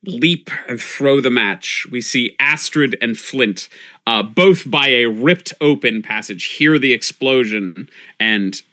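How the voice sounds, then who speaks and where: A man's voice: mid-range voice, expressive, slow, pushed and bright. A man narrating a live tabletop game as game master, describing scenes like camera shots, with frequent fillers and restarts.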